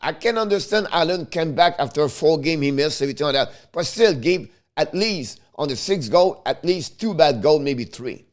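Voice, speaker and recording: Frustrated hockey commentator with tinged English. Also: male voice, a little high, animated, moderate pace, few pauses. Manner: heated, frustrated, repetitive, broken English phrasing. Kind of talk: ranting fan commentary.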